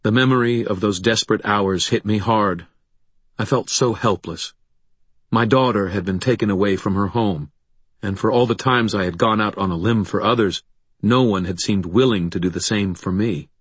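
A man narrating a first-person audiobook in a low, measured, introspective way. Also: slightly rough, dry recording.

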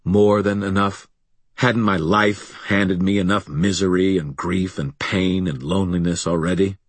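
A man's voice: low voice, fairly even intonation, measured pace, no room sound. A man narrating a first-person audiobook in a wry, sardonic storytelling manner.

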